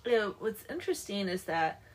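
A woman in a casual book discussion, agreeable and lively as she retells scenes. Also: mid-range voice, fairly quick, low-quality recording.

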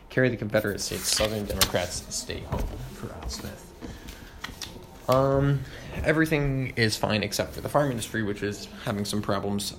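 A young man reviewing history fast, with lots of ums and uhs, over faint background noise. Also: fairly low pitch, vocal fry. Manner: quick, with many ums and uhs. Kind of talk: rapid study review.

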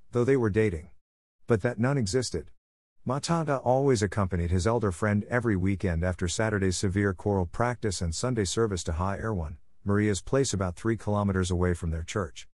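Male storyteller, lowish voice, dry close sound, measured halting read. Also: a little mellow, no echo. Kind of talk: reading a story aloud.

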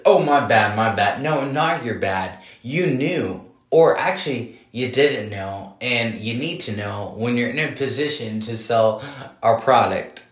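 A man in his thirties telling a story casually, animated and indignant, with many fillers. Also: mid-range voice, reverberant. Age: 30s.

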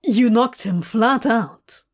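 A woman voicing a sardonic male demon who talks in a loud, whiny, offhand way. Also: on the high side, slow pace.

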